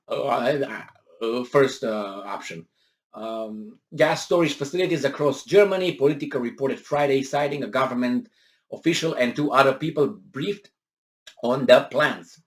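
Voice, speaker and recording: A man's voice: medium pitch, moderate pace. Indignant man ranting over a news article. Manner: animated, indignant, sarcastic, many fillers and restarts. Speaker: commentary video host. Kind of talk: political commentary reading a news article.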